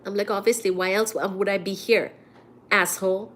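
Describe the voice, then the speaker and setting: A woman's voice: medium pitch, normal speed. A woman with a cold telling a story in casual chat, chatty and indignant, acting out the people in it. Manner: chatty storyteller, animated and indignant, acts out quotes. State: sick with a cold, coughing. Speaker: vlogger. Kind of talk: casual chat to a live audience.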